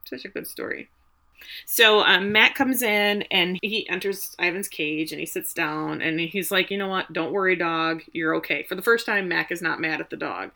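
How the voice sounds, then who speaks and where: A woman co-hosting a casual chat, retelling a film's story in an animated, emotional way. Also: on the low side, moderate pace, few pauses. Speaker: podcast co-host recapping a film.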